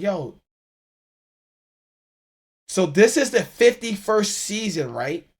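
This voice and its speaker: A man hosting a solo podcast, ranting in an animated, profane way and laughing often. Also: fairly high pitch. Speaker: podcast host.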